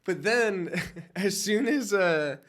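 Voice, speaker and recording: Brief: young male podcast co-host, high bright voice, relaxed and giggly. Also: slow pace. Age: young adult. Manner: laid-back, laughing often. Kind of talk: casual storytelling chat.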